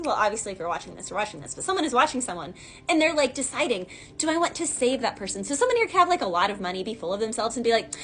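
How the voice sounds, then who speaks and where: A woman's voice: fairly high pitch, sing-song, rapid-fire. A woman giving a casual, rambling tarot reading, talking in a chatty way full of fillers and asides. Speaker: tarot reader.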